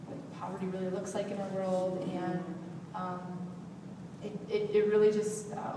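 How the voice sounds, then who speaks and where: A young woman tells a personal story to a youth audience, animated and slipping into the voices of the people she quotes. Her mid-pitched voice reaches the mic from far off. It rings around a big, echoey hall with a faint hum behind it. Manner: animated, acts out quoted dialogue. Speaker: youth event speaker. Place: event hall.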